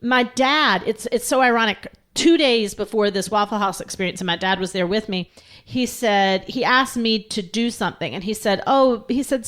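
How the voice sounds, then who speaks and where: A woman's voice: a little high, normal speed, a bit bright. A woman co-hosting a podcast, telling a story with earnest, emphatic conviction. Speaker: podcast co-host.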